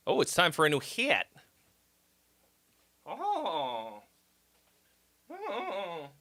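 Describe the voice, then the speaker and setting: A livestream host reviewing fans' songs talks in a high, bright, forceful voice with huge pitch swings, extremely slowly and with no echo. The chat is casual, full of swearing and spur-of-the-moment reactions.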